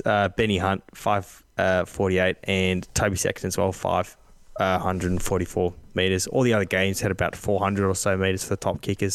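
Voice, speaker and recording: A man's voice: low voice, clean tone, no echo. A man co-hosting a podcast, casually running through sports stats with a few fillers. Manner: relaxed, lists numbers with fillers. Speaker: co-host.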